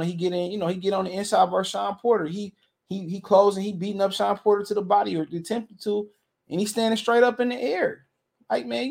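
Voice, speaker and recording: Young male boxing commentator, high and gravelly, blunt and slangy, repeats himself for emphasis. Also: darkish tone. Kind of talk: casual boxing opinion rant.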